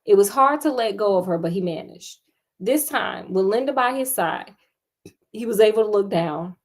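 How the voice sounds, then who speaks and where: A woman's voice: medium pitch, expressive, normal speed, a little mellow. A woman storyteller reading a story aloud, breaking off for sassy, laughing asides to her listeners.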